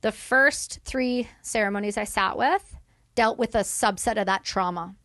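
A woman's voice: mid-range voice, a little slow, fairly bright tone, no room sound, studio quality. A woman in her thirties from Canada, a podcast guest telling her story in candid, emphatic conversation. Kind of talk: casual conversation.

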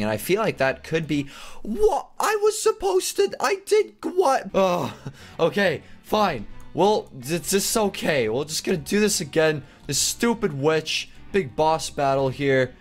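An excitable young man chats his way through a game, his pitch swinging widely and leaping into high squeals whenever he is caught off guard. His delivery is loose, casual running commentary. Quiet music plays underneath him. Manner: excitable, jumps into high squeals when surprised. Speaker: gaming channel host. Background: faint background music.

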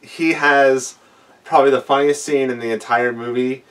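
A man's voice: medium pitch, fairly even intonation, moderate pace, fairly bright tone, far from the mic. A man co-hosting a casual movie review chat, rambling through his points with lots of fillers. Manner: rambling, full of fillers and acted-out quotes. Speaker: co-host.

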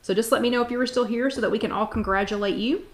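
Bubbly woman host. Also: a little high. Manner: bubbly and excited, drawn-out exclamations. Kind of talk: live-stream chat.

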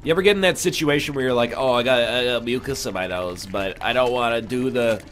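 A man's voice: mid-range voice, a little fast, a bit bright, a little hiss or hum. A man with a congested, nasal voice, giving rambling, jokey commentary as he plays a game. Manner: rambling, jokey, tangent-prone. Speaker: gaming YouTuber. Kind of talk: let's play commentary.

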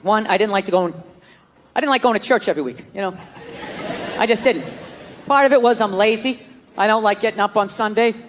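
Exasperated male stand-up, high-pitched rant, loud live crowd. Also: a little fast, long pauses, long reverb tail, a little hiss or hum. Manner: profane, exasperated, shouting bursts. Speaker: stand-up comedian. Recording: live stage with loud audience.

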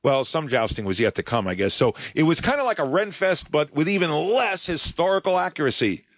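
Man, podcast host, sardonic storytelling, animated pitch, dry close sound. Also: brisk, no room sound. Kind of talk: scripted monologue.

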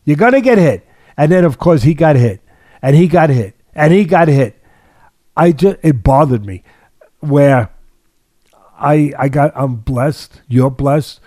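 Older man, dark voice, emphatic boxing talk. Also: a little high, animated, measured pace, pauses often, no room sound. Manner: repetitive, emphatic, restarts sentences. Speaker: boxing trainer and podcast host. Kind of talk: casual sports talk.

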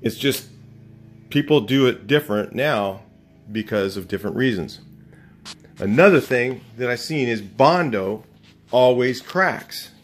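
A man's voice: mid-range voice, lively intonation, measured pace, pauses often, a little hiss or hum. A man who used to paint cars, talking casually to the camera in a blunt, opinionated way and telling rambling stories full of restarts. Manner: rambling storytelling with many restarts. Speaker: garage channel host, former auto painter.

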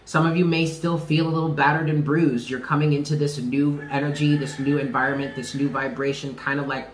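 A man's voice: on the high side, steady tone, brisk, few pauses, slight background noise. Chatty tarot-reading man in an echoey room. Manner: emphatic, chatty, repeats himself, slangy. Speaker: tarot reader. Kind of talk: casual tarot reading to camera.

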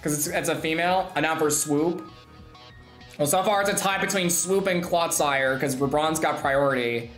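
A young woman streaming a game, chatting to her viewers, bubbly and laughing as she squeals with excitement. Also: low voice, moderate pace. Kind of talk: excited gameplay streaming chat. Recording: echoey room with music behind.

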